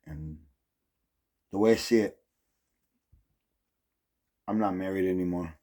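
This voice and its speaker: A man's voice: low voice, takes it slowly, mellow. A middle-aged man telling a casual rambling story, full of "like" and "um" and swearing. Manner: rambling, heavy use of "like" and "um", profane. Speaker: vlogger.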